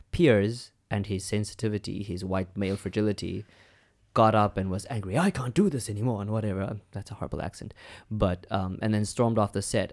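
A young man co-hosting a podcast in casual chat, candid and animated, swearing and laughing often. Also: fairly low pitch. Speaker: podcast co-host.

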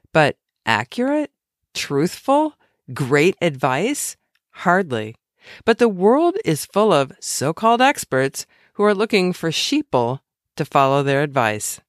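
Lively-voiced woman reading her own book. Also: deep voice, dry recording, studio quality. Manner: expressive, conversational storytelling with wry asides.

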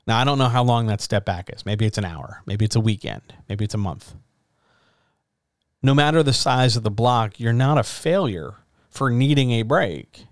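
A man's voice: mid-range voice, animated, normal speed, no echo, clean studio sound. A man hosting a writers' chat, giving earnest, frank and encouraging advice in a casual way, now and then swearing. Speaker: podcast host.

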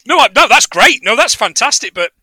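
A man co-hosting a film podcast, animated and jokey in casual chat. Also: very high voice, a little fast. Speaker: podcast co-host.

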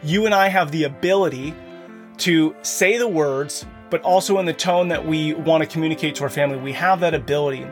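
Over soft background music, a man with a higher voice talks fairly quickly on his podcast for fathers. He's in his thirties or forties, speaking from a home office, and his motivational monologue is earnest and directed at the listener.

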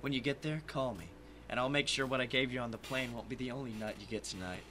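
A forward, flirty stewardess, voiced by a man in a comedy podcast reading. She talks low and deadpan. The tone is bright, with a faint hiss behind. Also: quick pace, lightly acted. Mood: sultry. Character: stern woman from a flight, flirty and blunt.

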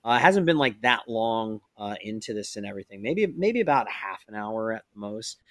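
A man's voice: fairly low pitch, big pitch swings, normal speed, no room sound. Rambling game master man. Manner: rambling, lots of fillers. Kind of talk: narrating a tabletop game.

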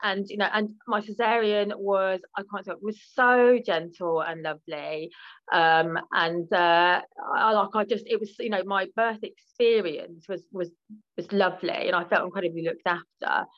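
A woman's voice: mid-range voice, fairly even intonation, moderate pace, muffled recording. A British woman speaking frankly as an interview guest, with lots of fillers and restarts. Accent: British English. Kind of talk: candid podcast interview.

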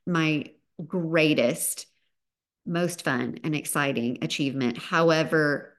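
Upbeat Southern woman giving a pep talk. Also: sits low. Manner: upbeat, emphatic, pep-talk delivery with rising bursts. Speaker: podcast host. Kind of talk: motivational podcast monologue.

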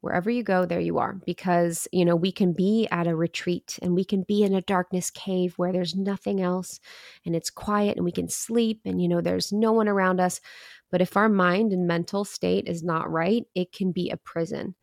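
Gravelly low-voiced woman, candid storyteller. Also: steady tone, normal speed, a little mellow, no room sound, clean studio sound. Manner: earnest, candid, dips into quoted inner thoughts. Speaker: podcast guest. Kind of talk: reflective storytelling.

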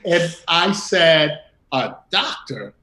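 Animated middle-aged man telling a story. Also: on the high side, drawn-out words, poor audio. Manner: animated, acts out quoted dialogue with laughs. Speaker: interview guest. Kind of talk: personal storytelling in conversation.

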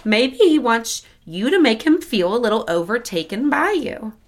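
An actress playing a polished saleswoman in an audio drama, speaking in a smooth, solicitous way. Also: fairly high pitch, very animated, moderate pace. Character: polished woman, attentive dress shop saleswoman.

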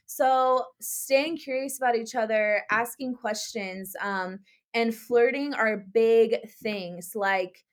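A young adult woman co-hosting a podcast in casual chat, talking in a relaxed way full of "like" and "you know". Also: on the high side, slow pace. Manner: chatty, many fillers like "like" and "you know". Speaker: podcast co-host.

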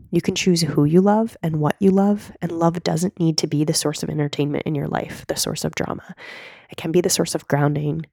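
A woman in her thirties hosting a solo podcast, coaching listeners in an earnest, direct way while hoarse from a cold. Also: low-pitched, darkish tone, dry recording, clean studio sound. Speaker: podcast host and mindset coach.

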